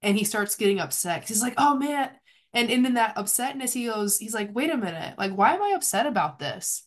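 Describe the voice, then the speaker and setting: A woman's voice: mid-range voice, animated, fast. A woman hosting a casual podcast chat, talking in a rambling way full of "like" and "um". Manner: rambling, many fillers, softly spoken asides.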